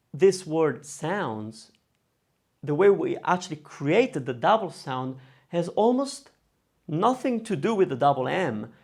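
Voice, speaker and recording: A man teaching pronunciation in a casual video lesson, saying each word slowly and repeating it. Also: on the high side, gravelly. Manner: demonstrates words slowly and repeats them. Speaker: Italian language teacher.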